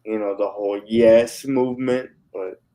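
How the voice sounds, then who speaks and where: A man's voice: fairly low pitch, fairly even intonation, normal speed, mellow, rough recording. A man co-hosting a podcast in casual chat, speaking tentatively and hedging his words. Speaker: podcast co-host.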